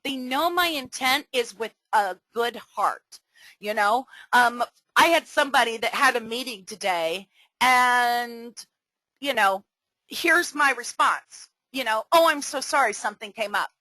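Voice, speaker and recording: A middle-aged woman coaching a webinar in a chatty, animated way with many fillers. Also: a little high, takes it slowly, no room sound, low-quality recording. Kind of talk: casual webinar teaching.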